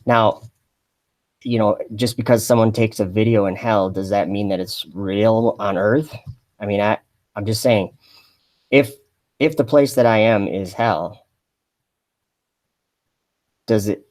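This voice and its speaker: Man, lowish voice, deadpan, rambling, mock live-stream chat. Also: a little slow, pauses often. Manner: deadpan, rambling, many fillers and restarts. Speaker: satirical livestreamer posing as an astronaut.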